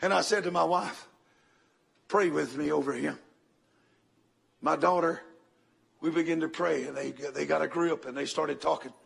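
An older man preaches with a gravelly, husky rasp. His voice sits high and bright for a man. He tells his story dramatically, jumping from loud bursts down to hushed murmurs. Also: level tone, normal speed. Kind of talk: sermon.

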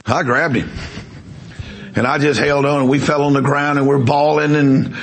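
A man's voice: fairly high pitch, steady tone, normal speed. A man preaching a sermon, telling a story emphatically and repeating words as he builds it.

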